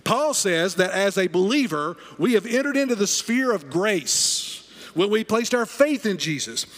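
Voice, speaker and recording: A pastor preaches emphatically in a church sanctuary, returning again and again to key phrases. His high, fairly bright voice swings widely in pitch and moves a little slowly, carried by the long reverb of the church hall.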